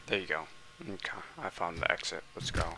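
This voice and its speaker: A man narrating his game run with a lively, swooping voice, heavy on slang and curses, trash-talking the monster and yelping at jump scares. Clear hiss and noise sit under the recording. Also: low-pitched, brisk. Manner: profane, slangy, mocks the monster, yelps when startled. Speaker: gaming channel host. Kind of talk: let's play commentary.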